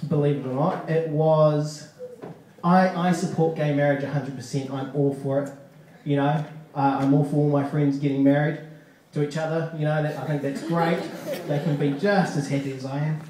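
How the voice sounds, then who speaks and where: Wry New comic in an echoey club. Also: male voice, fairly high pitch, fairly even intonation, normal speed, dark tone. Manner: wry, conversational, profane asides. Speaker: stand-up comedian. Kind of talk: live stand-up set. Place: comedy club stage. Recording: echoey club sound from a distant mic.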